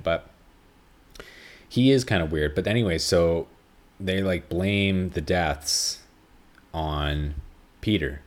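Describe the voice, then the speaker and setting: Brief: young man, deep voice, casual profane rambling podcast host. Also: expressive, normal speed. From Canada. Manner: rambling, profane, frequent fillers. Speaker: podcast host, film reviewer. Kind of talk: casual solo podcast chat.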